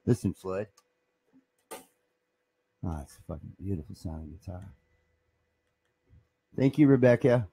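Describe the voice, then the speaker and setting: A man's voice: deep voice, animated, a little slow, long pauses, warm tone. A man who runs a guitar shop, talking in a rambling, profane and boastful way. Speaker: guitar shop owner and bassist. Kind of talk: casual comedic monologue.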